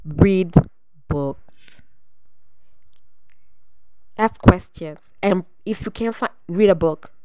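A woman hosting a solo podcast, ranting bluntly and with profanity, breaking into sudden loud outbursts. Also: medium pitch, unhurried, few pauses, no echo, rough recording. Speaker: podcast host.

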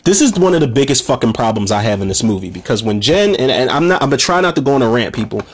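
A man's voice: mid-range voice, big pitch swings, fast talker, husky. A man recapping a horror movie in a casual, profane way, ranting with feeling and calling his listeners "people". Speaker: movie reviewer.

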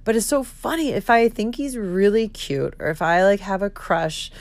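A woman's voice: mid-range voice, normal speed, no room sound. Giggly, profane woman in her thirties. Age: 30s. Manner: giggly, expressive, swears freely. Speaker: podcast host. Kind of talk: candid solo podcast monologue.

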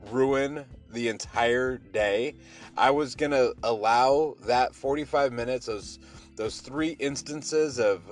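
A man hosting his morning podcast, talking casually in an upbeat, rambling, motivational way over faint music. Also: medium pitch. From Pacific Northwest. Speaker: podcast host.

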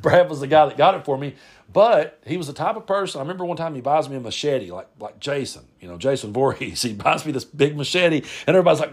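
A man's voice: fairly high pitch, lively intonation, quick pace, breathy edge. A man, hosting a podcast and telling casual stories about family, rambling and often restarting his words. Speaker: podcast host. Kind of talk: casual storytelling monologue.

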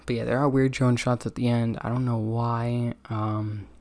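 A man's voice: mid-range voice, flat delivery, moderate pace, a little mellow, dry recording. A tired young man hosting his own podcast, rambling casually with lots of ums and self-critical asides. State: tired, yawning. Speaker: podcast host. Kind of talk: casual solo podcast review.

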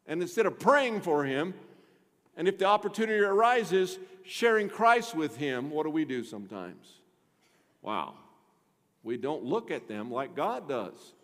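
High-voiced pastor preaching in a reverberant church. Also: male voice, very animated, a little slow. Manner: emphatic preaching, shifting between quiet and loud; asks the congregation questions. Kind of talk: sermon. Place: church sanctuary. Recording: long reverb of a church hall.

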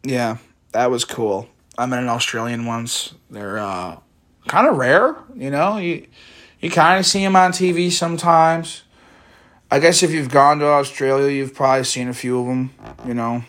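A man's voice: medium pitch, fairly even intonation, moderate pace, fairly bright tone. A man rambling profanely through a solo podcast, cracking wry jokes and breaking into rants. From Chicago area. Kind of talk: casual rambling monologue.

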